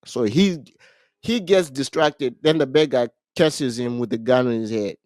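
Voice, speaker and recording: A man co-hosting a casual podcast, retelling a movie plot in an animated way, with frequent restarts. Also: medium pitch, measured pace, no echo, clean studio sound. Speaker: podcast co-host.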